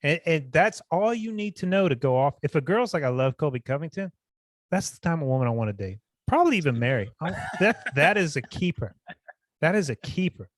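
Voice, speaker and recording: Higher-voiced man in easygoing banter. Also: sing-song, brisk, no echo, studio quality. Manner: laid-back banter, swearing, joking. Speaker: podcast co-host. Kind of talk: casual chat.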